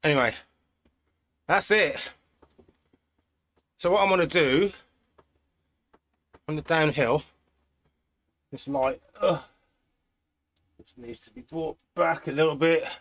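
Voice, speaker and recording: A man from Britain with a British accent, chatting in a relaxed way while hosting a cycling live stream from an indoor trainer at home. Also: fairly high pitch, creaky. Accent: British English. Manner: relaxed, chatty, thinking aloud with pauses. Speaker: cycling livestream host. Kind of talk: casual live-stream chat while riding.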